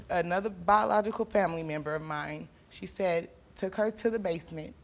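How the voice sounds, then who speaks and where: A young woman speaks as a talk show guest, telling her story in a rush of emotion. She sounds tearful and pleading at times and climbs into near shouts, with her voice in a middle pitch range. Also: fast, a little hiss or hum.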